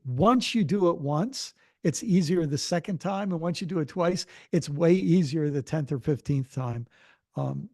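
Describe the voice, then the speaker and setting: An older man speaking to an audience in a gentle, reflective way, often pausing and restarting his sentences. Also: fairly high pitch, no room sound, studio quality. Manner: gentle, thoughtful, with frequent restarts and hesitations. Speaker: speaker answering audience questions.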